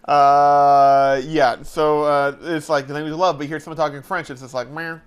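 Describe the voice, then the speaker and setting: Rambling chatty man, slightly high voice. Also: flat delivery, moderate pace, clear, resonant tone. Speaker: co-host. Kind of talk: casual chat.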